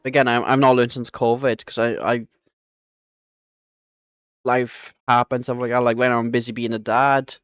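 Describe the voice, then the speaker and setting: A man's voice: mid-range voice, level tone, normal speed, pauses often, a bit bright, clean tone, no room sound. A man streaming a video game who chats casually with viewers, rambling and correcting himself as he goes. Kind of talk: casual gaming livestream chat.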